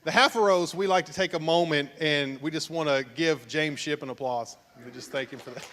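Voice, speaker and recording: A man's voice: fairly high pitch, brisk, few pauses, a bit bright. A man, a pastor hosting a couples game show at his church, teasing and joking with the crowd. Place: church sanctuary, at the altar. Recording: long church hall reverb.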